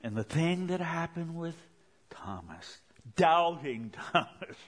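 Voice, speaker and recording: Slow, impassioned male preacher. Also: lively intonation. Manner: slow, dramatic storytelling with swells to a near-shouting, tearful pitch. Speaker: pastor. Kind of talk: sermon.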